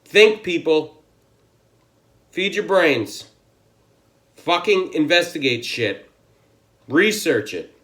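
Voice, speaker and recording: This American man hosts his own channel and rants about politics to camera, angry and forceful, cursing nonstop. His voice leans high and a bit bright.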